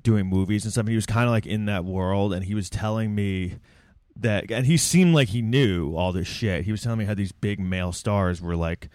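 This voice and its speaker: Man, lowish voice, casual rambling podcast chat, joking, dry close sound. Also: moderate pace, darkish tone, no room sound. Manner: rambling, joking, does mocking impressions.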